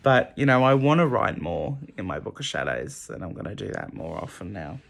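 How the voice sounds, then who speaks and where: A man's voice: on the low side, big pitch swings, vocal fry. Man rambling emotionally late at night. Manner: emotional, halting, many restarts. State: emotional, close to tears. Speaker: vlogger.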